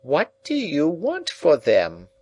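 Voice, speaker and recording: A man's voice: on the high side, huge pitch swings, slow pace, a little mellow, no echo, voice pushed up, full character voice. A man voicing a stern, eccentric old rich woman who presses with insistent questions. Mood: probing.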